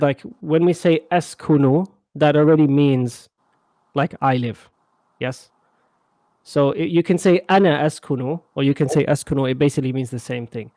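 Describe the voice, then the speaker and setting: A man's voice: fairly high pitch, warm tone, no echo. A man teaching a casual live language class, chatty and often checking that students follow. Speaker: Arabic teacher.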